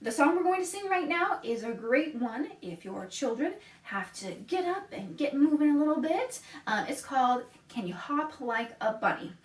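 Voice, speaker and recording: A woman leading a children's storytime, reading aloud, singing and laughing often in a bright, sing-song way. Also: on the high side. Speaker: children's librarian. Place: library room. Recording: echoey room, somewhat far from the mic.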